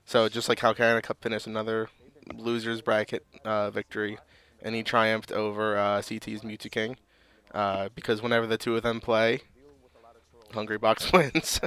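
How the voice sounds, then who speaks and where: A man co-hosting a gaming talk show, who also streams tournaments, chatting in a relaxed way. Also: lowish voice, moderate pace, clean tone. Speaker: co-host, streamer. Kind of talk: casual chat.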